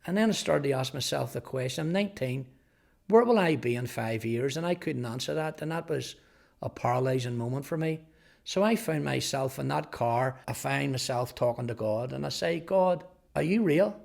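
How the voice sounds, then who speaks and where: Gravelly-voiced man giving testimony. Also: mid-range voice, moderate pace. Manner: earnest, often repeats words as he speaks. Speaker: testimony speaker. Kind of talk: personal testimony storytelling.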